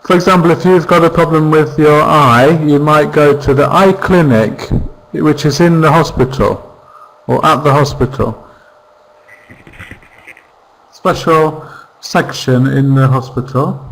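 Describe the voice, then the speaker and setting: A man's voice: a little high, unhurried, pauses often, a bit bright, poor audio. A man teaching English online, patiently drilling vocabulary and word stress with his class. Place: virtual classroom.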